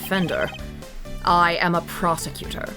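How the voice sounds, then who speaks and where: A reserved male prosecutor speaks low and hesitantly, as a woman puts him on. He sounds quiet and uncertain. It is a game character read by a fan. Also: fairly even intonation, a little slow, soft background music.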